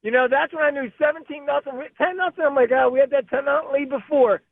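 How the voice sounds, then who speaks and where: Gravelly Philly caller on a phone line. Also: male voice, extremely high pitch, fast talker, dry recording. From Philadelphia area. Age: 50s. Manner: emotional, keeps calling people "bro". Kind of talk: excited call-in chat.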